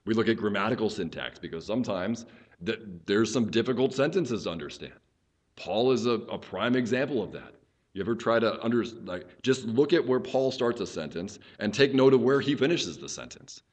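This pastor delivers an expository teaching sermon in a lowish, animated male voice at a fairly quick clip. He explains earnestly, often restarting phrases as he thinks out loud.

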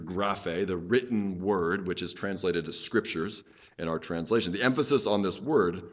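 A man preaching an expository teaching sermon as a pastor, explaining earnestly and often restarting his phrases as he thinks aloud. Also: lowish voice.

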